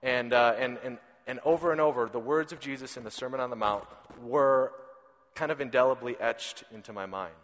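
A man's voice: mid-range voice, a little fast, fairly bright tone. A man in his thirties preaching a sermon in a conversational storytelling way, often repeating a word as he starts a sentence. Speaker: pastor. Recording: reverberant hall.

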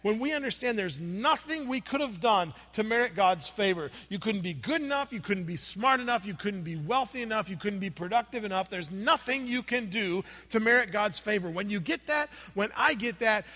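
Bright, high-voiced preacher in a reverberant hall. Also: male voice, lively intonation, normal speed, hardly any pauses. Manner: conversational storytelling, many fillers, swings from loud to hushed. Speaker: pastor. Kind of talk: sermon with personal story.

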